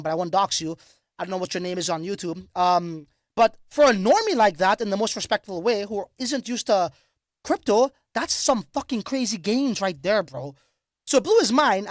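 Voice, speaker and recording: A man hosts a casual livestream and talks straight to his viewers. His voice sits fairly high for a man, and he tells stories in an animated, profane way. The sound is dry and close, with no room echo. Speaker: crypto livestream host.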